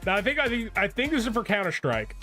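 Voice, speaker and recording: A man's voice: high-pitched, sing-song, quick pace, bright, forceful tone, soft background music. Young male streamer, casual livestream rant, heavy swearing. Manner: profane, ranting.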